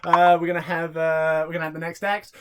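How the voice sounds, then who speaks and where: A young host with a high voice runs a comedy showcase over a video call. He giggles often and stumbles over his words in a casual, flustered way. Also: completely flat delivery, brisk, smooth. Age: young adult. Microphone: laptop or headset mic on a video call.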